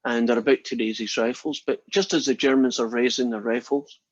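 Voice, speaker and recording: A man's voice: mid-range voice, fairly even intonation, brisk, no room sound, lo-fi sound. A male math instructor lecturing casually and telling a long joke to his class in a chatty, storytelling way.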